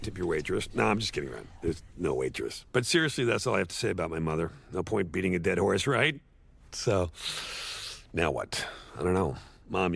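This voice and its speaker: A man's voice: fairly low pitch, gravelly, fairly bright tone, husky, dry recording, exaggerated voice. A man playing a sardonic, washed-up male horse actor who rambles through a eulogy with awkward, sarcastic jokes. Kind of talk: comedic eulogy monologue.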